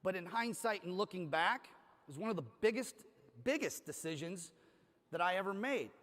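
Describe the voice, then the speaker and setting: A Cleveland, Ohio man gives a motivational keynote from a large conference hall stage at a moderate pace. His voice is high, expressive and fairly bright, and he tells a story with energy while acting out the dialogue. Hall reverb from the stage PA is audible.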